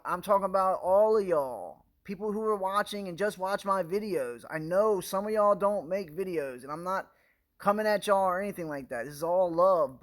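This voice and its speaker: A man talking to his viewers in an impassioned direct-to-camera rant, pleading with them, repeating himself and stumbling over his words. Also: high voice. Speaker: video blogger addressing viewers.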